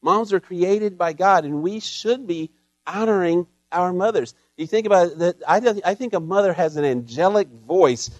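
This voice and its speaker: A man's voice: high voice, normal speed, no room sound, highs cut off. A middle-aged man preaching a sermon in a folksy, storytelling way with touches of humor. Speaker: pastor. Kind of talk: Mother's Day sermon.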